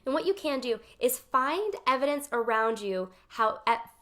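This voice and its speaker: A life coach speaks to her viewers in a casual live session to camera, coaching them on focus. Her voice sits high and is expressive and a bit bright, moving at normal speed. She's chatty and emphatic, acting out her own inner voice as she goes.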